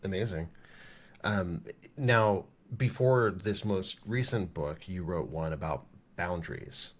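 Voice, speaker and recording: Deep-voiced calm podcast host. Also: male voice, slow. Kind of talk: interview questions.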